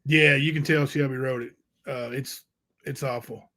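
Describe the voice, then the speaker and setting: A male livestream host reading letters aloud and commenting on them, halting and unsure, with many fillers. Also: mid-range voice, fairly even intonation, pushed and bright.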